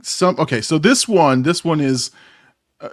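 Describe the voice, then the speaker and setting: A man's voice: a little high, lively intonation, measured pace. A man in his forties hosting a casual movie chat, rambling and self-deprecating, laughing often. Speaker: podcast host.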